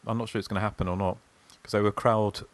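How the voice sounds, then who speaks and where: A man's voice: on the low side, level tone, fast. A man hosting a podcast, chatting casually and reading listener emails aloud. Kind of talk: casual chat.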